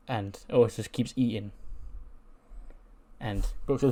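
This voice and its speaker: Warm-toned and fairly low, this man's voice keeps a fairly even intonation; he's unhurried and pauses often. As a game channel host, he casually recaps a wrestling sim game in let's-play fashion, full of fillers and curses.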